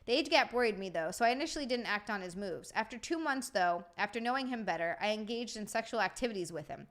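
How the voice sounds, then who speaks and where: A woman hosting a casual comedy livestream, excitable and swearing as she reads super chats aloud and laughs a lot. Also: medium pitch, quick pace. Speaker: streamer and podcast host.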